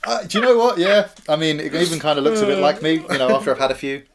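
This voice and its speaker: A man's voice: on the high side, quick pace, a crowd in the background. A man playing a board game with friends, joking and reading out his character card. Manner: joking, playful banter. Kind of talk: casual chat and reading card text.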